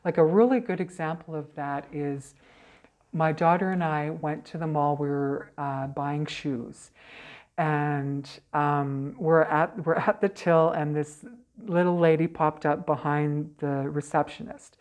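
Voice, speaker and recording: A woman's voice: sits low, measured pace. A woman working as a psychic medium, chatting in an interview and telling stories, often ending her points with "okay?" or "right?". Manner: chatty, animated, frequent okay and right tags. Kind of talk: casual interview storytelling.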